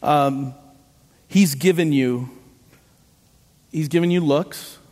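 This pastor, a middle-aged man with a fairly high voice, preaches at a slow pace. He animates his sermon with stories, impersonated voices and self-mocking jokes. A long reverb from the hall lingers in the recording.

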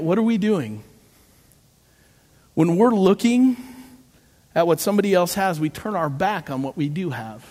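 A man's voice: high voice, moderate pace, pauses often. A middle-aged man preaching a sermon, telling stories and acting out voices with self-deprecating jokes. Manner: animated storytelling, acting out voices, self-joking. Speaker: pastor. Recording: long hall reverb.

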